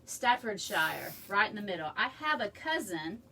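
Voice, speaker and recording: A woman's voice: mid-range voice, big pitch swings, moderate pace, gravelly, bright, forceful tone. A woman hosting a casual live craft tutorial, chatting and rambling with friendly asides to her viewers from her home. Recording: room mic from a distance, faint background noise.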